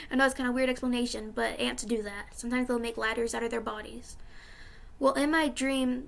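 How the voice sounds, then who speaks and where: A woman's voice: high-pitched, creaky. A young woman vlogger telling about a dream in a casual, rambling way, full of fillers, tearful and emotional.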